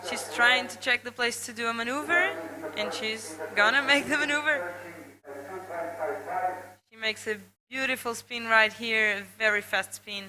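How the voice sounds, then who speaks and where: A woman's voice: fairly high pitch, unhurried, slight background noise. A woman co-commentator describing replays step by step during a live contest. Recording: loud crowd behind.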